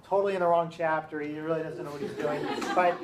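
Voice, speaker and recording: Animated man telling a classroom story. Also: a little high, fast, noisy background. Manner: animated, keeps checking in with listeners. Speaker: teacher.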